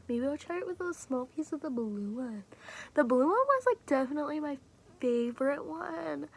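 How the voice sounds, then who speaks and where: A woman's voice: high voice, lively intonation, normal speed, slight background noise. A woman vlogger chatting casually to camera about her fidget toys, rambling, swearing freely and often dropping into a whisper.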